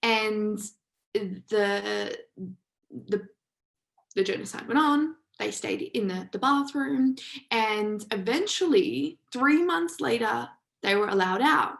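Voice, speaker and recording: A woman hosts a live online session, telling motivational stories in an emphatic, casual way with some swearing. Her fairly high voice is animated, slow-paced and has vocal fry, but the audio quality is poor.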